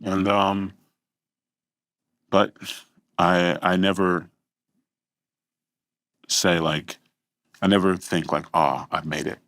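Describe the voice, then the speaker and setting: Deep gravelly man speaking frankly. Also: little pitch movement, slow, long pauses, fairly bright tone, dry recording. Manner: frank, casual, swears. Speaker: guest. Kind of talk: candid interview.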